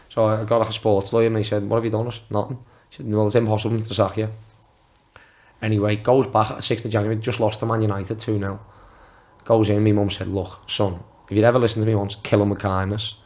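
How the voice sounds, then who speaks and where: A man's voice: on the low side, darkish tone. A man in his twenties, a former footballer guest on a podcast, telling casual anecdotes and acting out quotes in a raised voice, swearing freely. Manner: swears freely, talks in restarts. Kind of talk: casual storytelling.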